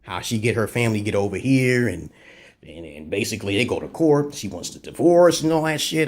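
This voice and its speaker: A man's voice: expressive, a little fast, a little mellow. A man vlogging a rambling, profane monologue of dating advice, full of swearing, agitated outbursts and repeated "right?" and "okay?" asides. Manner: agitated, pitch jumping up when worked up.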